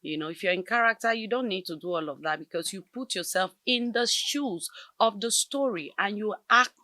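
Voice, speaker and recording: A woman with a Nigerian English accent, speaking as an actress in an interview, expressive and emphatic in her telling. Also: medium pitch, normal speed, no echo. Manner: expressive, emphatic, laughs often. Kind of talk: conversational interview.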